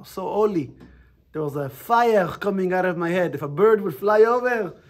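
A man voicing a big, excitable older Israeli man with an Israeli accent who brags loudly. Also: high voice, moderate pace, voice pushed up. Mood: boastful.

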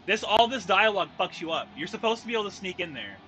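A man's voice: sits high, lively intonation, quick pace, bright, forceful tone, slight background noise. A man streaming a game live, frustrated and swearing as he rants about the gameplay.

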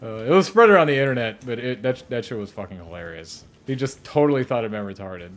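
A man's voice: mid-range voice, expressive, fast. Profane young man chatting over gameplay. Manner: loose, profane, laughs often, slips into exaggerated quoted voices. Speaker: YouTube host reacting to a video while gaming. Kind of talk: casual reaction chat.

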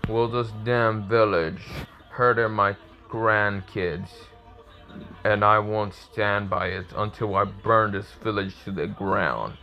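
A man's voice: fairly low pitch, fairly even intonation, slow pace, dull audio. A man voicing an enraged vengeful grandfather. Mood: menacing. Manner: gruff angry threats, stumbling rewording. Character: furious vengeful grandfather clan leader.

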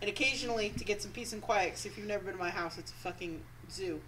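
A woman's voice: medium pitch, fast talker, fairly bright tone. A woman guest on a radio talk show, telling stories animatedly, acting out quotes and laughing often. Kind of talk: casual chat. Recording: noisy radio studio recording.

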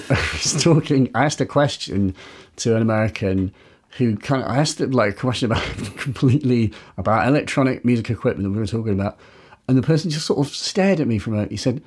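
A man's voice: mid-range voice, expressive, fast talker, husky. A man from northern England chatting on a podcast as a guest, rambling and breaking off his sentences, with lots of "like". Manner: rambling, self-interrupting, lots of "like". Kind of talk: casual podcast conversation.

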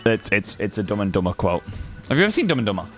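A man's voice: fairly low pitch, big pitch swings, rapid-fire, faint music behind. A man, teasing and swearing freely in casual gaming chat. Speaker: streamer.

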